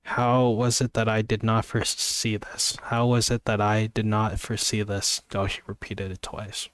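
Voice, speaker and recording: A man's voice: on the low side, monotone, moderate pace, a bit bright, clear, resonant tone, dry recording. A man casually reading a novel aloud, stumbling and restarting now and then, with offhand asides. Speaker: amateur reader.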